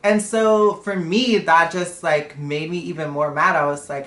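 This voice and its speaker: A woman's voice: low-pitched, steady tone, a little slow, few pauses, fairly bright tone, echoey room. A woman telling a story on a live stream in a blunt, profane, casual way. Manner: blunt and profane, retelling a confrontation.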